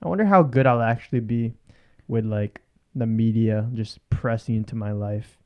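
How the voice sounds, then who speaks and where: A man's voice: fairly low pitch, moderate pace, clear, resonant tone, lo-fi sound. A man in his twenties co-hosting a podcast in casual chat, laid-back, laughing often and leaning on "like.". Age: 20s. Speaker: podcast co-host.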